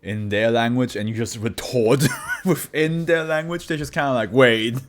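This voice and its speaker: On his channel, a man from Switzerland who grew up speaking Swiss German reads horror fiction files and wanders off into rambling conversation, laughing often. His mid-range voice stays steady in tone at a moderate pace.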